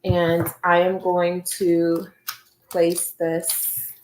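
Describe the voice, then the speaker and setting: A cheerful woman chats through a crafting demo on a casual livestream. She talks with plenty of fillers and asides, at an ordinary pitch. Her voice sounds roomy, with a faint hiss behind it. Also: completely flat delivery, very slow, darkish tone. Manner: chatty, cheerful, lots of fillers.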